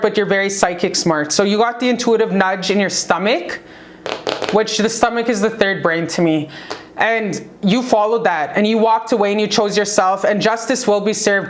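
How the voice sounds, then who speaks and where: A woman's voice: mid-range voice, moderate pace. A woman giving a casual tarot reading to camera, emphatic and profane, with big swings in her delivery. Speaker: tarot reader. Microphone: talking to camera.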